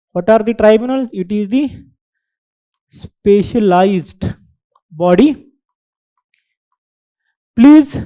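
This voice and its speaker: Slow, deliberate teacher woman. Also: on the high side, dark tone. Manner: deliberate, repeats key terms, checks in with "right?". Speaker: exam coaching teacher. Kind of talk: current affairs lecture.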